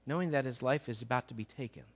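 A man preaching a sermon, retelling scripture dramatically, acting out the voices and swinging from loud to hushed. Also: medium pitch, quick pace.

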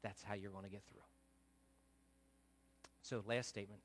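A middle-aged male pastor preaching a sermon, earnest, swinging between loud bursts and soft, low asides. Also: flat delivery, normal speed, a little hiss or hum.

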